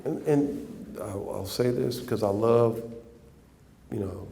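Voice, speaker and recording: A man telling an animated story as an interview guest, acting out the other voices and breaking into laughter. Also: on the low side, slow, creaky, slight background noise. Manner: animated anecdote with quoted voices, laughing, restarts.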